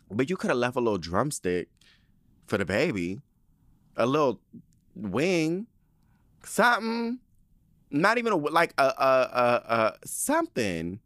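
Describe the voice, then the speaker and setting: A man's voice: mid-range voice, measured pace, no echo, clean studio sound. A man telling a story in a casual monologue, ranting with lots of swearing and frequent laughter. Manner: profane, animated, indignant ranting.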